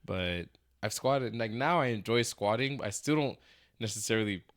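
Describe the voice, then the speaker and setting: A relaxed podcast co-host with a lowish male voice. He talks in easygoing slang and swears casually. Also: normal speed.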